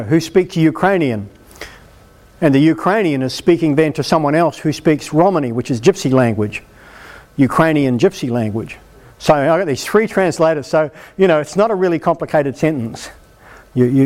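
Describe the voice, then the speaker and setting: A man preaching a sermon at a healing meeting, emphatic and animated as he exhorts the congregation. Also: on the high side.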